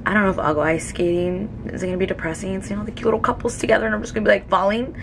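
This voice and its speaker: A woman's voice: medium pitch, steady tone, very fast, gravelly, background noise. A young woman in a casual beauty vlog, talking emotionally to camera with lots of "like" fillers. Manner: chatty, emotional, many "like" fillers. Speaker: beauty vlogger.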